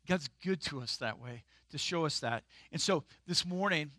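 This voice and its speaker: A man preaching in a conversational sermon style that breaks into sudden emphatic bursts. His voice is bright and a little higher than most men's. The sound is dry and close, with no room echo. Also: animated, normal speed. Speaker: pastor.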